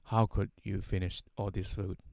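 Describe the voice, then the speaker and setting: A man's voice: low-pitched, little pitch movement, moderate pace, vocal fry, mellow, no echo, clean studio sound. A man voicing his strict, scolding middle-aged father in a story.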